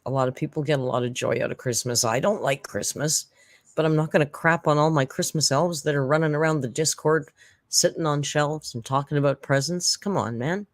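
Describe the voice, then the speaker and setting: A live-stream reaction host talks to chat in a chatty, sarcastic way, mid-pitched and recorded dry with no room sound. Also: a little fast, no echo.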